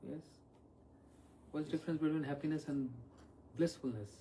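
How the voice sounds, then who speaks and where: A spiritual teacher leads an evening question-and-answer talk. His voice is mellow and sits slightly high, and he keeps turning questions back to his listeners. The microphone is some way from him. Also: moderate pace, slight background noise. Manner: questions the listeners often, with throat-clearing. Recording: voice from far off the mic.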